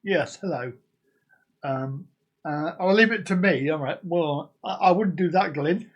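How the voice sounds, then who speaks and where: A man's voice: on the high side, measured pace, highs cut off. A man hosting a casual live stream, rambling and joking as he chats to his viewers. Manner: jokey, rambling, sings and laughs along.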